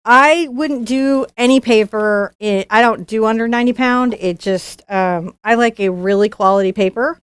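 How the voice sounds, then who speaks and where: A chatty, bubbly woman artist who hosts a live unboxing stream and talks casually to viewers. Her voice sits a little high and sounds dry and close, with no room echo. She often stumbles into restarts as she talks. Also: moderate pace, few pauses, clean tone. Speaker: professional artist and channel host.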